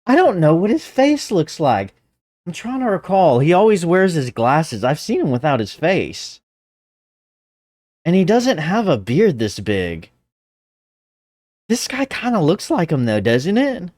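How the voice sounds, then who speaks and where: A man's voice: on the high side, big pitch swings, measured pace, pauses often, darkish tone, no room sound. A man chatting casually, laughing and thinking aloud while he reacts to a show. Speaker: reaction video host. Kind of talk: casual commentary while watching.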